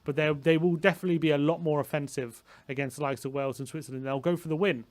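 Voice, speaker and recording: A man's voice: on the high side, steady tone, fast talker. An English man co-hosting a live football watchalong, chatting casually and stressing his points with repetition. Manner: confident, emphatic, repeats his points. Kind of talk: casual football chat and commentary.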